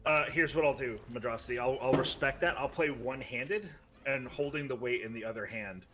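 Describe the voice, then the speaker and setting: A man's voice: medium pitch, brisk, fairly bright tone. An American man streaming a game, bantering sarcastically with plenty of swearing and thanking chat. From United States. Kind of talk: casual gaming chat.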